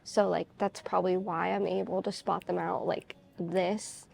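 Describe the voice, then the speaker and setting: Woman with a heavily gravelly voice. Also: on the low side, level tone, moderate pace, a little hiss or hum. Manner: rambling, full of "like" fillers; candid, confessional storytelling. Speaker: vlogger. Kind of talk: casual chat to camera.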